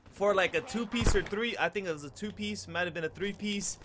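A young man with a high, sharp voice calls out his match as he plays. He swings from quick muttering to loud, hyped yelps and cocky trash talk. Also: a little hiss or hum. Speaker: gaming video creator. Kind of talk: excited gameplay commentary.

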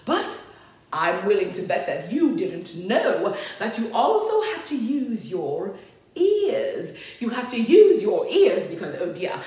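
A woman hosting a children's storytime in a giggly, theatrical way, often exclaiming "oh dear". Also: on the high side. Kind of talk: playful storytime talk to children. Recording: very echoey room with faint music.

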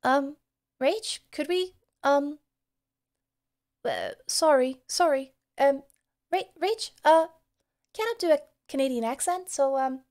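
A woman's voice: sits high, big pitch swings, takes it slowly, long pauses, darkish tone, heavily acted. A woman putting on the voice of a timid young woman who stammers and apologises as she asks for a favour. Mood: bashful. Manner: hesitant, stammering, full of ums and apologies.

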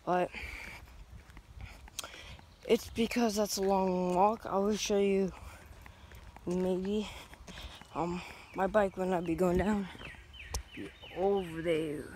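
A woman talks slowly and unhurriedly into a handheld phone while out on a walk, rambling from one thing to the next. She drops in goofy sound effects and little singsong noises as she goes. Clear outdoor ambience and noise run behind her. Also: fairly low pitch, steady tone, mellow. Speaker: vlogger. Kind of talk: casual walking vlog. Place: outdoors on a walk through town. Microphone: handheld phone camera.

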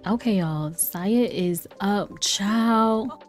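A young woman talks her way through a game in an unhurried, drawn-out way, chatty and playful. She laughs often and jumps into excited exclamations. Soft lofi music plays faintly behind her. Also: medium pitch. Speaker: let's play streamer. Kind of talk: casual game commentary. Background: faint lofi background music.

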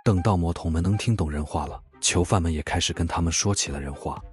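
A man narrating a video recap in a quick, wry, mocking commentary voice-over. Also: deep voice, a little mellow, faint music behind. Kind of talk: fast scripted commentary voice-over.

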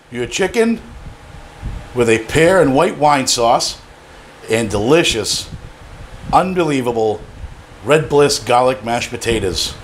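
A man's voice: fairly high pitch, slight background noise. A man hosting a cooking show, demonstrating a recipe in a playful, jokey and enthusiastic way.

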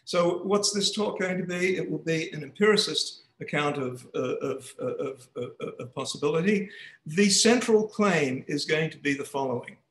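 A man's voice: on the high side, expressive, moderate pace, a bit bright, reverberant, low-quality recording. A man giving an academic seminar talk over a video call, speaking hesitantly with many restarts. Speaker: guest speaker. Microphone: computer mic on a video call.

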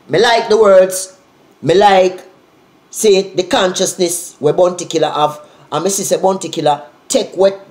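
A man with a Jamaican Patois accent giving animated, repetitive shout-outs in a casual vlog. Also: high voice, roomy sound. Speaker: vlogger.

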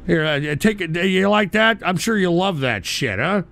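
A man hosting a call-in stream show, ranting abrasively, hurling insults and often bursting into shouts while drinking beer. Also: high voice, lively intonation, normal speed, vocal fry. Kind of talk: profane live-stream rant.

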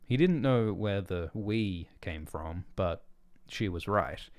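Deep-voiced, slow male storyteller. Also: lively intonation, dry recording. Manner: measured, descriptive narration. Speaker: author and narrator. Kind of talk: reading a story aloud.

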